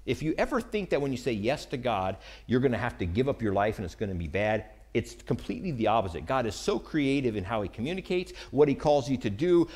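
An American man delivering a sermon to a congregation. His pitch climbs and falls freely, and he breaks into short acted-out lines for the people in the scripture story. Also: fast, few pauses. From United States. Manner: animated, acts out Bible characters' lines. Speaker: preacher.

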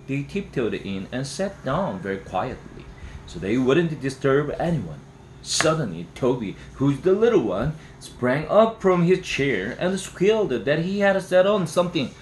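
A man, native Korean speaker and English teacher, reading a novel aloud in a steady storybook manner. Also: mid-range voice. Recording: roomy room echo, faint hiss.

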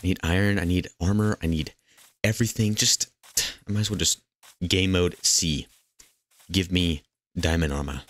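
A man giving casual, jokey commentary while playing a video game, with excitable outbursts and playful chatter aimed at the game's characters. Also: sits low, normal speed, long pauses, no room sound. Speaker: gaming channel host.

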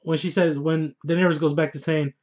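A man reviews a TV episode in loose, casual chat, swearing freely and laughing as he goes. His voice sits a little high for a man and he gets worked up easily. The audio is somewhat dull and lo-fi. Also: brisk. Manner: excitable, profane, laughs often. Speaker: TV show reviewer. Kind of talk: casual spoiler review vlog.

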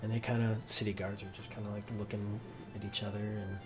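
A man's voice: fairly low pitch, little pitch movement, quick pace, over music. A man narrating as game master in a loose, rambling way with many fillers.

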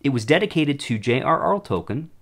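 Rambling young man with a lively voice. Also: a little high, a little fast. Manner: rambling, self-deprecating, trips over words. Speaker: show host. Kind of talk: casual talk on a book.

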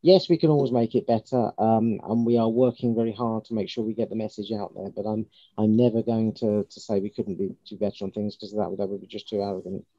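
A man's voice: lowish voice, steady tone, brisk, mellow, no room sound. A man answering a council committee's questions candidly over a video call, often repeating and correcting himself. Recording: dull lo-fi video call audio.

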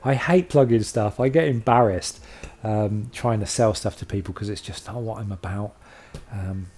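A man's voice: fairly low pitch, normal speed, darkish tone, husky. A man hosting a casual video log, chatty and self-deprecating, rambling with lots of fillers. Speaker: channel host.

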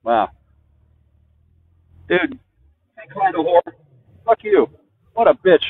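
Guy ranting nonstop into a headset on his motorbike, kinda high voice, sounds like a phone line. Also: big pitch swings, takes it slowly, husky. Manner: rambling, profane, agitated. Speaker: vlogger. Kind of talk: rambling monologue while riding. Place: outdoors on a motorcycle in traffic. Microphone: headset mic. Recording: tinny phone-like headset audio with faint vehicle noise.

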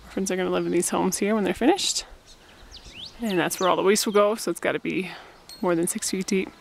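A woman's voice: lowish voice, fairly even intonation, brisk, creaky, slight background noise. A woman narrating a casual outdoor video diary, joking like a sports commentator about her friends' digging. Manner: playful, jokey sports-commentator banter. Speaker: volunteer vlogger. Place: outdoors at a mountain building site.

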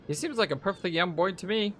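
A man's voice: high-pitched, fast, a bit bright, a little hiss or hum, voice pushed up. A man voicing a fussy male soldier lackey who talks in a pompous, wordy, fawning way. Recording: music playing behind voice.

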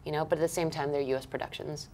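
An actress from Canada chatting casually in an interview, full of "like" fillers and self-deprecating asides. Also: female voice, sits low, fairly even intonation, racing, a little mellow, a little hiss or hum.

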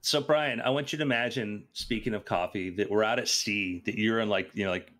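A man's voice: on the low side, steady tone, fairly quick, a bit bright, a little hiss or hum. A man co-hosting a podcast, telling a playful story in casual chat with many fillers. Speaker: podcast co-host.

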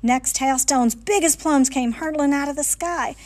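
A woman reading a picture book aloud in a lively, folksy storytelling manner, in a library. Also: high voice, normal speed.

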